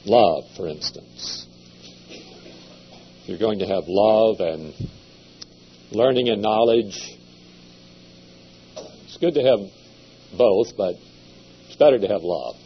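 A man giving a seminary lecture in a measured, deliberate way, with occasional hesitations. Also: fairly low pitch, lively intonation, breathy edge. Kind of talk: classroom lecture. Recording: dull lo-fi lecture recording with faint hum.

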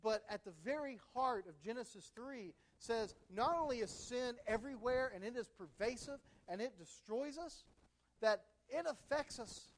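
A man with a notably high voice delivers a sermon. He talks in an easy, conversational way, and he keeps illustrating his points with everyday stories from his own home and marriage. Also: expressive, normal speed, slight background noise. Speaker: pastor.

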